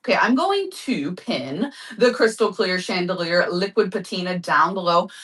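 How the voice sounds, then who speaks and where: A woman's voice: fairly low pitch, expressive, normal speed, a bit bright, recorded from a distance. A woman hosting a live craft-supply sale, chatting casually and upbeat with viewers. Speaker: live shopping host. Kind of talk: casual live-stream sales chat.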